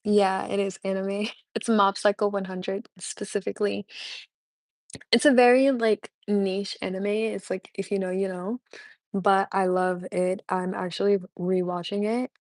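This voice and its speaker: A woman's voice: medium pitch, flat delivery, unhurried, a little mellow, dry recording. Bubbly young woman streamer, dry sound. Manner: bubbly and chatty, laughs often, answers chat questions. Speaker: livestreamer. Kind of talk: casual live-stream chat with viewers.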